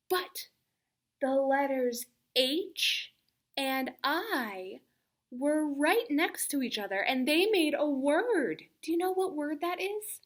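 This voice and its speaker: Woman, children's librarian, storytime reader; high voice, animated, quizzes the kids. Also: takes it slowly. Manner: animated, coaxing young listeners with questions.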